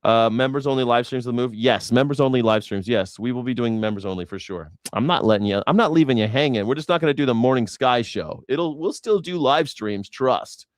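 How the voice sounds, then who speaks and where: A man's voice: medium pitch, animated, fairly quick, hardly any pauses, dry recording, studio quality. A man hosting a news reaction show, sarcastic and profane in a rambling way. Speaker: host.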